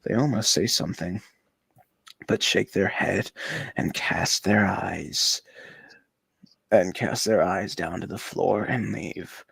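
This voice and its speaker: A man on a podcast reading online posts aloud in an over-the-top theatrical way, swinging between yelling and hushed narration. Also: sits low, slow pace, creaky, pauses often, slightly rough, no room sound. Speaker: podcast co-host.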